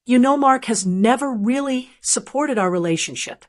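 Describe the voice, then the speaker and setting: A syrupy young schemer speaks softly, every line sounding fragile and hurt, as a woman narrator puts her on. The sweetness is thin and studied. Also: sits high, expressive, moderate pace, voice pushed up. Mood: wounded. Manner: soft, fragile, wounded-sounding.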